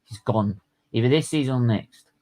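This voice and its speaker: An excitable man chats casually as host of a live stream. He laughs often and his voice sits in an everyday middle range. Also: mid-range voice, normal speed, poor audio. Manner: excitable, laughs a lot, shouts when retelling. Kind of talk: casual watchalong chat.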